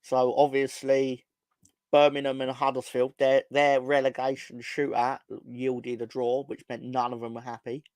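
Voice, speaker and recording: A man's voice: medium pitch, completely flat delivery, moderate pace, a little mellow, dry recording. A man co-hosting a casual football fan show, rambling and sardonic, swearing freely. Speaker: football podcast co-host.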